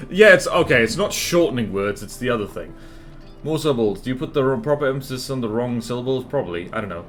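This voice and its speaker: A man's voice: medium pitch, lively intonation, fast talker, few pauses, fairly bright tone, soft background music. A man live-streaming a building game, chatting with his viewers and thinking aloud in a playful, self-mocking way.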